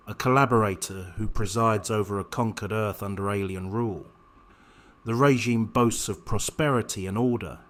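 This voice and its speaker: Male narrator, low register, measured sardonic commentary read. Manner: measured, pointed, sardonic delivery. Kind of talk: scripted political commentary narration.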